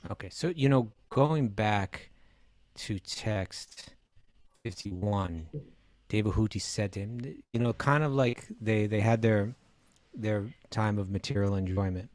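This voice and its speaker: Low, mellow man explaining scripture. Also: unhurried, dry recording. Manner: explains patiently, with many restarts and "you know". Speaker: teacher and co-host. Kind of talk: explaining scripture in casual podcast talk.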